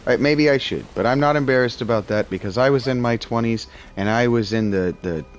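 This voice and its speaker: A man in his thirties, chatty and excitable, talking to a game character in-character as he plays and sometimes yelling in bursts. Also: on the low side. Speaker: gaming streamer roleplaying his character. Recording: music playing behind.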